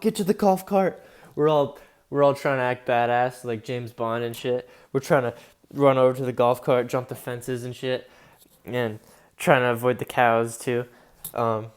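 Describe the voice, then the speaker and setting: A young man telling a long personal story in a casual vlog, rambling with lots of fillers and swearing. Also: mid-range voice. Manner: rambling, heavy on fillers and profanity. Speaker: vlogger.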